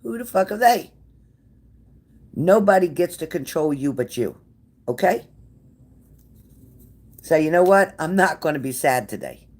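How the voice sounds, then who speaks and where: A woman's voice: low voice, animated, a little slow, pauses often, a little mellow. A woman hosting a casual livestream, blunt and sassy, cursing freely as she answers viewer comments. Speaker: livestream tarot reader.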